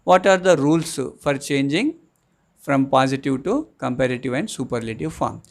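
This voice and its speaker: Gravelly man teaching grammar slowly. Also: medium pitch, expressive. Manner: slow, repeats words and syllables with many fillers. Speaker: English teacher. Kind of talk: classroom grammar lesson.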